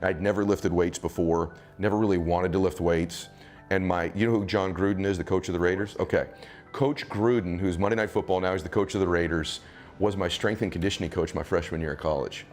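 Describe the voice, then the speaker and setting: A man's voice: low voice, fairly even intonation, brisk, a little mellow, faint music behind. A man giving motivational answers in an interview, speaking emphatically in punchy, repetitive phrases.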